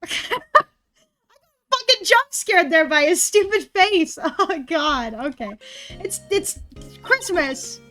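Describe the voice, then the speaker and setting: A young adult woman streaming a game, chatting casually and excitably to her chat, swearing and laughing often. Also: extremely high pitch, slow pace, faint music behind. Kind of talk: casual live-stream commentary.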